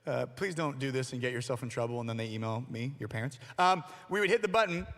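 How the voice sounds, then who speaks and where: A man's voice: medium pitch, fast talker. A man giving a youth sermon, telling stories with jokes and playful asides. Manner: animated storytelling with jokes and asides. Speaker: youth pastor. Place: church hall. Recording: long reverb of a large hall.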